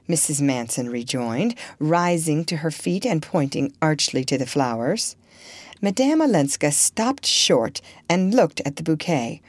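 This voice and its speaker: A woman narrating a classic novel in an audiobook with an expressive, measured reading. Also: sits low, no echo. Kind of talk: scripted narration.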